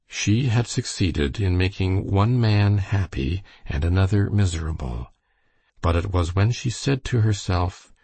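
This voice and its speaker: A man's voice: deep voice, vocal fry, darkish tone, slightly rough, no echo. A man reading a novel aloud as an audiobook narrator, expressively. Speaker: audiobook reader. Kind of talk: scripted narration.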